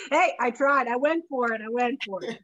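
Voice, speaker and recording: A woman hosting a podcast in a loose, joking manner, quick to laugh and tease her guest. Her voice sits a little high for a woman, and she keeps the chat casual and playful throughout. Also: fairly bright tone, muffled recording. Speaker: podcast host.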